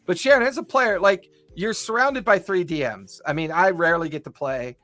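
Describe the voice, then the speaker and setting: A man's voice: high voice, normal speed, bright, forceful tone. A man hosting a podcast, rambling enthusiastically as he asks questions in casual chat. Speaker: podcast host.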